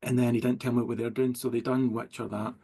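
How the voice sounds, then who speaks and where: A man's voice: medium pitch, flat delivery, fast talker, warm tone, husky. A middle-aged Scottish man, a writer as interview guest, rambling through anecdotes full of likes and quoted dialogue. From Scotland. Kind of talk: casual storytelling chat.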